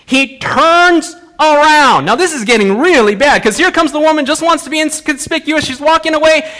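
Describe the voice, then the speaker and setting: A male pastor preaching a sermon, telling a Bible story in an animated way and acting out the characters. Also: extremely high pitch.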